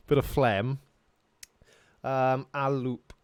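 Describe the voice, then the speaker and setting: A man's voice: medium pitch, little pitch movement, extremely slow, clean tone, no room sound. Chatty Welsh man, dry sound. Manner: rambling and jokey, laughs often. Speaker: live stream host answering chat questions. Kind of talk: casual live stream chat. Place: small home studio.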